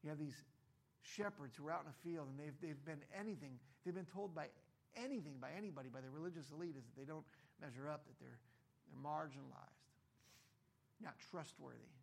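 A man's voice: a little high, fairly quick, creaky. A man preaching a sermon in a conversational way, acting out the voices of the people in his stories. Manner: conversational, acts out voices in quotes. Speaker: pastor.

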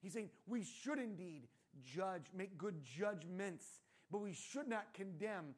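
High-voiced man preaching casually. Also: lively intonation, takes it slowly, husky. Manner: casual, asks rhetorical questions with frequent "right?". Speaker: pastor. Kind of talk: conversational sermon.

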